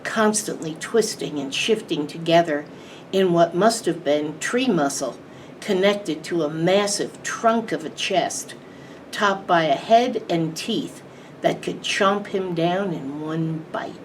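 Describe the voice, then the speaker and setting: A woman librarian reading a children's book aloud in an expressive, measured way. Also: fairly low pitch. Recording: distant mic, faint background hiss.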